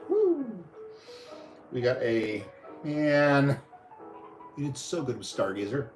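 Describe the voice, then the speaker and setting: A man's voice: medium pitch, huge pitch swings, takes it slowly, faint music behind, low-quality recording. A man casually reviewing toys on a live stream, rambling and chatty with lots of fillers. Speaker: toy reviewer.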